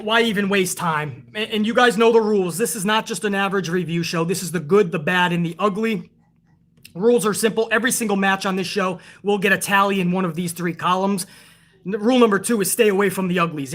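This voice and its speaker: A man's voice: sits high, a bit bright. Fired-up, profane male streamer. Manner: profane, fired-up ranting, reads out chat messages. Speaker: host of a wrestling review stream. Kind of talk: casual livestream commentary.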